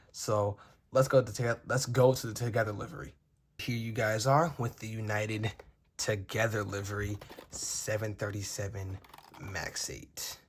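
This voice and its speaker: A man's voice: on the low side, a bit bright, a little hiss or hum. A young man gushing over model airplanes as he unboxes and reviews them, in a casual, rambling way. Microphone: phone.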